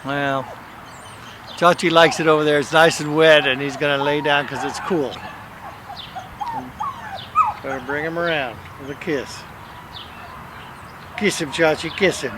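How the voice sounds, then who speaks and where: A man's voice: fairly high pitch, fairly even intonation, a little slow, long pauses, noisy background. A man filming his dogs at home, coaxing them in sing-song baby talk. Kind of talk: casual talk to pets on camera.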